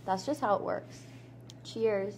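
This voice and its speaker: A woman's voice: mid-range voice, takes it slowly, a little mellow, a little hiss or hum. A young woman chatting casually in a vlog, bubbly and jokey, poking fun at herself. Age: young adult. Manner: bubbly, jokey, self-mocking. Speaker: vlogger.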